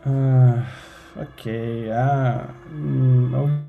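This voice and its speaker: A man's voice: mid-range voice, steady tone, extremely slow, gravelly, phone-quality sound. A man voicing a nervous, evasive young mercenary who stammers and hesitates, with faint music behind.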